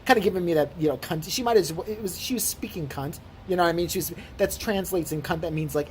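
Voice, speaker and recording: A woman's voice: fairly low pitch, fast, few pauses, a little hiss or hum. A woman vlogger telling a story as an indignant, profane rant. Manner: indignant, swearing, animated storytelling.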